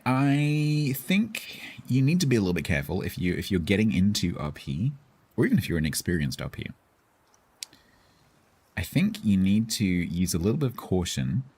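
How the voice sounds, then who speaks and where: A man's voice: sits low, a little mellow, slightly rough. A man streaming live, chatting casually with his viewers about role-play characters in a rambling, self-interrupting way.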